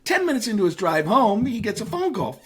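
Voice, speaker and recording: A middle-aged man as an interview guest, telling a personal story in a lively, storytelling way. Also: sits high, brisk, husky. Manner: animated storyteller who acts out voices in his anecdotes.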